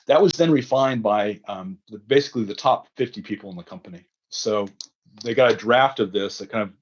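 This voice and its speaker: A man's voice: on the low side, a little fast, dull audio. A man answering as a consultant guest, explaining a process methodically with frequent ums.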